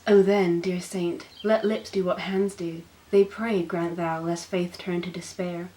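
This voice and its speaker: A woman's voice: fairly low pitch, flat delivery, unhurried, warm tone, a little hiss or hum, close to an everyday voice, low-quality recording. A woman voicing a dim, earnest young male lover in a mock-theatrical dramatic reading. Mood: mock-romantic.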